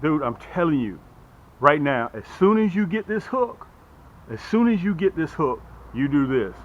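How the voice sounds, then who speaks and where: A middle-aged man casually demonstrating and selling fishing hooks to the camera, talking in a repetitive, lively salesman patter and calling viewers "guys". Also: on the high side, moderate pace, lo-fi sound. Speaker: fishing gear seller and channel host. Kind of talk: casual product demo to camera.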